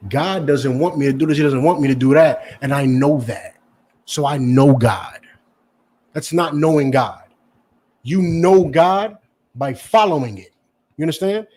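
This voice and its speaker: A man's voice: fairly high pitch, a little mellow, breathy edge. A male preacher giving a confrontational sermon, lecturing in a profane style and asking "You understand?" again and again. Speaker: preacher and teacher.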